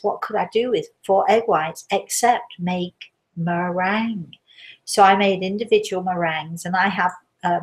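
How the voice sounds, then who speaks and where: A woman hosting a live question show, chatting casually and rambling through stories, a little out of breath. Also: fairly low pitch. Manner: chatty, rambling, warm storytelling asides. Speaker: host, medium. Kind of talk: casual live-stream chat.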